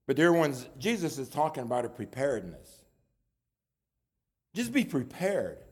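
A man's voice: medium pitch, wildly swooping pitch, unhurried, slightly rough. A man preaching a sermon in an earnest way, often repeating words as he builds his points.

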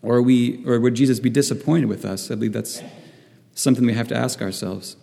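A man delivers a sermon in a low-pitched, heavily gravelly, mellow voice. He stumbles and repeats himself as he reaches for each thought. His words ring out with a long reverb through the hall. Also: steady tone, brisk. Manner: hesitant, repeats words while searching for phrasing. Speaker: preacher.

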